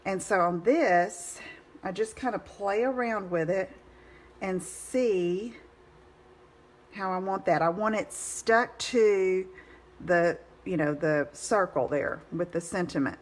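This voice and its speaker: A woman's voice: mid-range voice, takes it slowly. A woman giving a live card-making demonstration, chatty and encouraging, greeting viewers by name.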